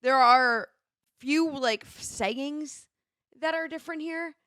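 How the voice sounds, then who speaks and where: A woman co-hosting a radio morning show, chatting in a teasing, animated way and reading listener messages aloud. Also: sits high, slow, no echo, studio quality. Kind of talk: casual morning-show banter.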